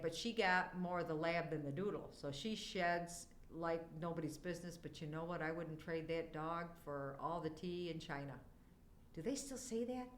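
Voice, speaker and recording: An older woman talks casually with her livestream viewers in a lowish, reverberant voice. Warm and affectionate toward the chat, she tends to wander off on tangents.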